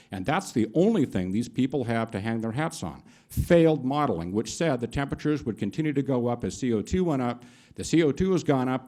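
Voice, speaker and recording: A man's voice: mid-range voice, warm tone. Indignant man at a public meeting. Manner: indignant, emphatic. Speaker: public commenter. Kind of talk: public testimony. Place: county board meeting room.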